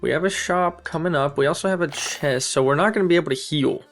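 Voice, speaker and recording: Gravelly young man chatting over gameplay. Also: fairly high pitch, fast talker, soft background music. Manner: chatty, upbeat, self-amused, thinks aloud. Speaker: gaming streamer. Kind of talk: casual let's-play commentary.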